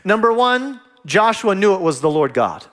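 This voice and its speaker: A man preaching a sermon as pastor, acting out quoted dialogue with lively delivery. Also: sits high, normal speed.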